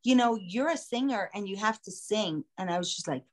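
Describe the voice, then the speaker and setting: A woman podcast host telling a story in a casual, animated way, acting out the voices of the people in it. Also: medium pitch, a little fast. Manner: animated, acts out quoted voices. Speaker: singer.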